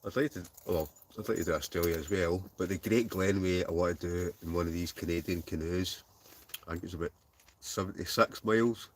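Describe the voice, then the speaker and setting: A Scottish man in his forties hosts a live stream from a tent, talking in a fairly low voice. He chats loosely, banters and reads out viewer comments between laughs. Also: a little fast, a little hiss or hum. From Scotland. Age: 40s. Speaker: host.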